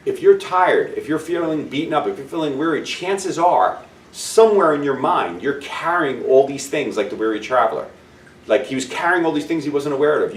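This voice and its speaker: A man's voice: mid-range voice, slight background noise. A man hosting a self-help show, telling a story in an upbeat, encouraging way and speaking straight to the viewer. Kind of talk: storytelling with a motivational message. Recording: roomy sound, distant mic, faint ambience.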